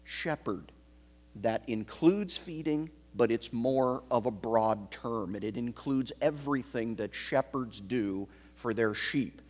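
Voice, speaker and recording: A man preaching an expository sermon, slow and emphatic, repeating key phrases. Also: medium pitch, darkish tone. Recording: long hall reverb.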